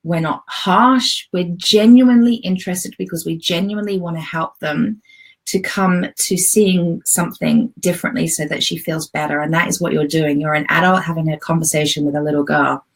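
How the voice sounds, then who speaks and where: A woman teaching a self-love lesson in a soft, husky voice. She talks gently and conversationally, coaching her listeners directly. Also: low voice, fairly even intonation, normal speed. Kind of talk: spoken self-help lesson.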